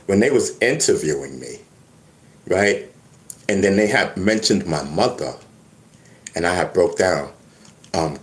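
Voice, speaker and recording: Animated New man in echoey room. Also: sits low. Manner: animated storytelling with many restarts and stammers. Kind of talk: casual monologue to camera.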